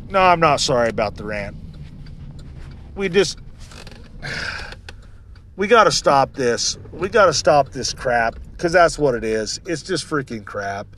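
A man's voice: on the high side, a bit bright. A man hosting a survival channel, delivering a heated, indignant vlog rant with sarcastic asides. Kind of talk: casual ranting vlog.

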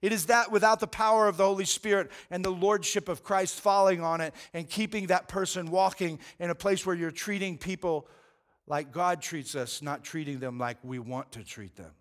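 A man's voice: sits high, fairly even intonation, normal speed, a bit bright. A man preaching a sermon as pastor, earnest and conversational, often repeating words as he goes.

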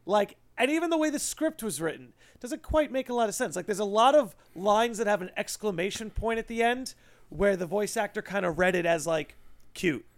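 A man's voice: sits high, expressive. A man co-hosting a podcast in casual chat, opinionated and arguing his point. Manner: opinionated, makes his case in quick asides. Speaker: podcast co-host.

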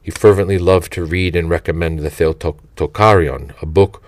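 A man reading a saint's life aloud in a slow, reverent, measured way. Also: sits low, fairly even intonation, darkish tone, dry recording. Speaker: audiobook reader.

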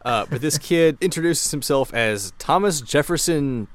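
Lively man recapping a show, a little drunk. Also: on the high side, moderate pace, no echo. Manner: animated storyteller who laughs mid-sentence. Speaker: podcast co-host. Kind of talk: casual recap of a TV episode.

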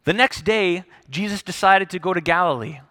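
A male pastor preaching a sermon, telling the story in an animated way with jokes and acted-out voices. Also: high voice, moderate pace, no echo, clean studio sound.

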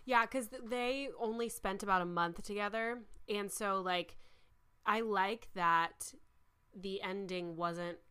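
A woman co-host eagerly retelling movie scenes and acting out what the characters say. Her voice is smooth and clear, in a mid range, in casual conversation. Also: mid-range voice, slow, sharp tone. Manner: enthusiastic, retells scenes with acted quotes, laughs often. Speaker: podcast co-host. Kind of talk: casual chat reviewing a movie.

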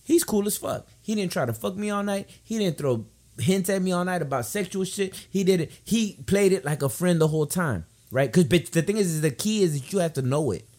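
A young man hosting a casual podcast, telling a story with lots of profanity and dropping into a low, confiding tone. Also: expressive, a little fast, a little mellow. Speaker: podcast host.

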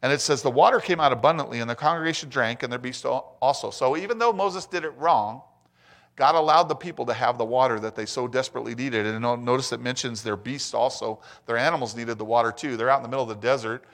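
A middle-aged man preaching a sermon in church, reading scripture and turning to the congregation with lively asides. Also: medium pitch, quick pace. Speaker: pastor.

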